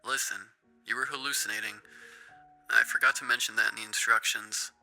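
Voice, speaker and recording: A man doing a hushed, sinister boss. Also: medium pitch, fairly even intonation, brisk, gravelly, faint music behind, poor audio. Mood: hushed soothing. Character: sinister smooth-talking male employer.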